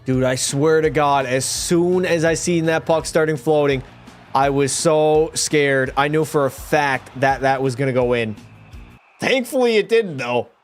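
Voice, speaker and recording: A man's voice: fairly high pitch, moderate pace, faint music behind. A young man streaming a hockey game live, talking to his chat, swearing and getting fired up, a bit tipsy. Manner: profane, excitable, talks to chat. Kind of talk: live gameplay commentary.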